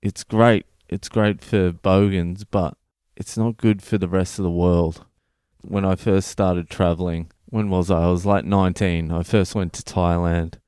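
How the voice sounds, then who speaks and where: A man's voice: low voice, flat delivery, a little slow, darkish tone, clear, resonant tone, no echo, clean studio sound. An Australian man in his thirties, a comedian hosting his own podcast, delivering a profane, ranting comedic monologue.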